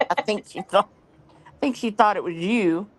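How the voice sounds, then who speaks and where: A woman hosting a livestream and chatting in a dry, matter-of-fact way. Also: mid-range voice. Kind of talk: casual chat.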